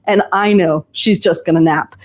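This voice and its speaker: A woman's voice: on the low side, fairly even intonation, moderate pace. A woman who runs a shop, hosting a casual live stream and explaining ordering and clothes in a chatty, reassuring way.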